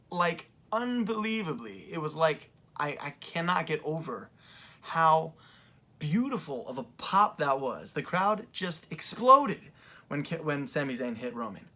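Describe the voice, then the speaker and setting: A young adult man talking through events in a casual commentary vlog, rambling with lots of fillers, seated in a creaky chair. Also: fairly high pitch, big pitch swings, measured pace, bright, forceful tone. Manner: rambling, filler-heavy retelling. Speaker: wrestling fan reviewer.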